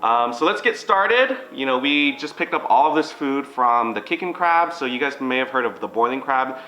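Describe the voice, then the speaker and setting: A man's voice: mid-range voice, brisk, reverberant, over music, poor audio. A man co-hosting a mukbang, chatting casually and walking viewers through the food. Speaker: mukbang co-host. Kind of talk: casual chat.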